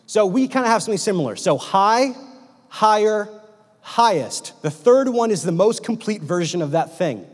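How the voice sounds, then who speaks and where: A man's voice: sits high, expressive, normal speed. A young man preaching a sermon in a church hall, casual and joking, with slang.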